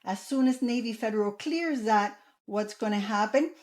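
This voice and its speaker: A woman talking straight to her viewers in a relaxed advice vlog. She keeps a conversational flow, restarts her sentences and keeps checking in with the audience as she explains. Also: fairly high pitch, moderate pace. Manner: chatty, repeats "okay?" and "guys", restarts phrases. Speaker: channel host giving credit advice.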